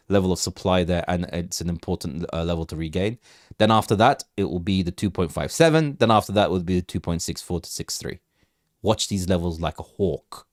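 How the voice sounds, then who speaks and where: A man's voice: deep voice, dry recording, studio quality. A man hosting a live crypto chart stream, chatting loosely, repeating himself and asking viewers for questions. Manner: rambling, repeats words, asks chat for questions. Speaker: crypto livestream host. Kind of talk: casual live market commentary.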